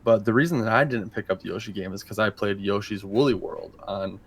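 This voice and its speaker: A man's voice: lowish voice, fairly quick, breathy edge. A man co-hosting a podcast, chatting casually and teasing in an earnest way. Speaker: podcast co-host. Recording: faint background noise.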